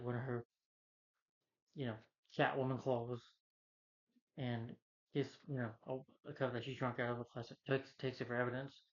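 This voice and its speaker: A man's voice: medium pitch, muffled recording. A man giving a rambling, casual film review and plot recap, full of fillers and restarts. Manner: rambling, filler-heavy retelling with many restarts. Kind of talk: casual movie recap rant.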